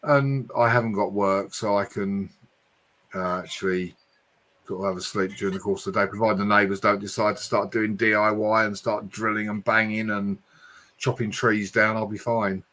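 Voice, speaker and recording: A man with a rather low voice and an accent that blends Essex and London speech, chatting on a late-night live stream. He talks on at length and loosely, and his pace picks up when he gets excited. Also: moderate pace. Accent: mix of Essex and London English. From Hertfordshire, England. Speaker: livestream host.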